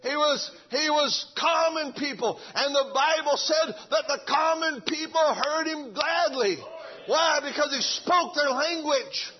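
A fervent preacher, repeating himself as he swings between shouting and hushed speech. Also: very high-pitched, measured pace, few pauses, muffled recording. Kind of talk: revival sermon.

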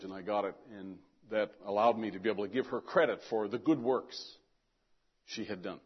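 A man's voice: fairly low pitch, fairly quick, slightly rough, lo-fi sound. Older man telling a rambling story. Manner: rambling, animated, repeats words while telling. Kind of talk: casual personal story.

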